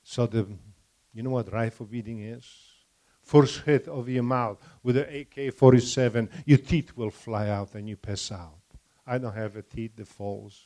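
A man's voice: medium pitch, steady tone, normal speed, warm tone. Older man, Polish accent, broken English, church testimony, asks the crowd questions. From Poland.

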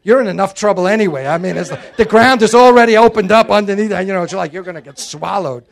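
Brief: male preacher, slightly high voice, emphatic and dramatic, quick jokes. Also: gravelly. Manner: emphatic, dramatic, joking asides. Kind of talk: sermon.

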